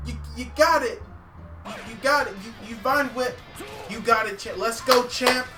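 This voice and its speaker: A man voicing a male trainer cheering on his creature with high, excited shouts. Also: moderate pace, recorded from a distance, loud music behind the voice.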